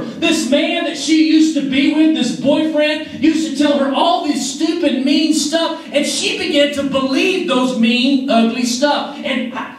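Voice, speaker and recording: A man preaching an energetic youth sermon, joking and leading call-and-response with a crowd in a large hall. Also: very high-pitched. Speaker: youth pastor. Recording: echoey hall from far off.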